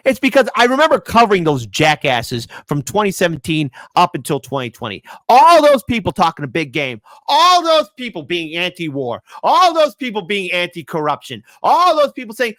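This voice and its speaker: Animated, sarcastic male commentary host. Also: high-pitched, brisk, hardly any pauses, dry recording. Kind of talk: opinionated commentary.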